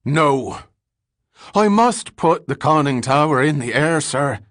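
A man's voice: a little high, expressive, slow pace, a bit bright, no echo, studio quality, voice pushed up. A man voicing a ruthless rebel leader who gives curt, commanding orders. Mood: demanding.

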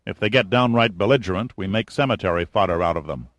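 A man's voice: lowish voice, quick pace, fairly bright tone, no echo, lightly acted. A man voicing a wry, daring adventurer who stays cool under threat, with dry, cocky humor. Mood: defiant.

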